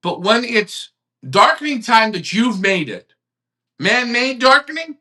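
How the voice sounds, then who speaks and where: Heated male live-stream host, ranting and cursing, lively swooping pitch, bright tone. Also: unhurried. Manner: ranting, swearing, animated, swings loud to quiet. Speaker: host of a live online pigeon club show.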